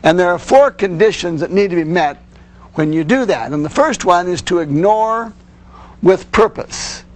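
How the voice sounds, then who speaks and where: A man's voice: sits high, animated, moderate pace. A man giving a lecture to parents on handling children's behavior, earnest and explanatory, often adding "you see". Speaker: parenting instructor.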